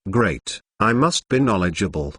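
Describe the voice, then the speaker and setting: A man's voice: on the low side, sing-song, moderate pace, a bit bright, slightly rough, dry recording, clean studio sound, pitched below the performer's own voice, full character voice. A man voicing a flustered middle-aged wizard father who scolds his sons, read as an audiobook. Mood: scolding. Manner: scolding, fussing. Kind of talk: audiobook reading.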